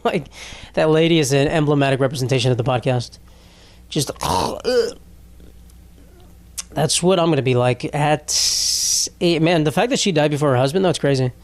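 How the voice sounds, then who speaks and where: Profane, ranting New podcast host. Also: male voice, on the high side, dry recording. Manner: profane, sarcastic, rambling, laughs often. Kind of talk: casual solo podcast rant.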